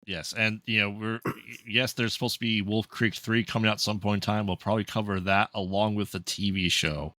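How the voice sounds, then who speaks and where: A man's voice: on the low side, fairly even intonation, a little fast, few pauses, sharp tone, dry recording, studio quality. A man co-hosting a casual horror podcast, mostly chiming in with short agreeable replies and laughs. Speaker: podcast co-host.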